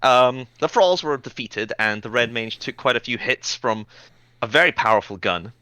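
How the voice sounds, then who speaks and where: A man's voice: medium pitch, animated, normal speed, bright, forceful tone, clean tone, no room sound. A man giving a rambling, casual recap of the last session of a tabletop game, with many ums.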